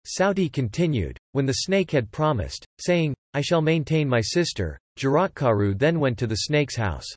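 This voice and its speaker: A man narrating an ancient epic, reading the archaic text in a measured, formal way. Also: mid-range voice, very animated, no echo.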